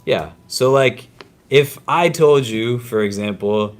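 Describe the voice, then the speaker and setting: A man's voice: mid-range voice, takes it slowly. A man teaching a class on prayer in a casual, conversational way, often checking in with his students.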